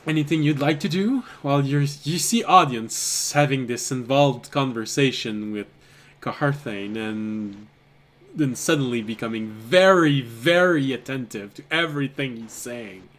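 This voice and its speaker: A man's voice: mid-range voice, measured pace, fairly bright tone. A man narrating as game master of a tabletop game, chuckling often between lines.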